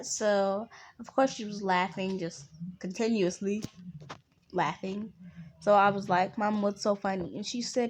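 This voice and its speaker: A woman's voice: mid-range voice, moderate pace. Woman, casual story time over gameplay, rambling, chatty, faint background noise. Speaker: gaming storyteller. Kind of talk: casual story time while playing a game.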